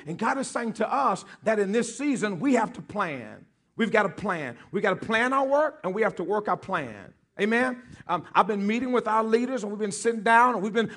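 Male pastor, high husky voice, playful preaching with call-and-response. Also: fairly bright tone. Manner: joking with the congregation, calling for responses; repeats key phrases for emphasis. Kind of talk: sermon.

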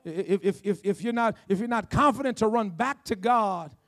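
A man preaching a sermon as pastor, emphatic and repetitive, with call-and-response to the congregation and slow, drawn-out key phrases, in a church. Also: high voice, fairly bright tone. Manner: slows down to draw out key phrases. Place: church sanctuary.

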